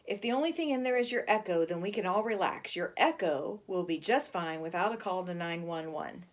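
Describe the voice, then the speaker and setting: A woman's voice: fairly low pitch, animated, a little fast, lightly acted. A woman doing a scoffing teenage brother. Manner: scoffing, lecturing. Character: teenage boy, dismissive and bossy big brother.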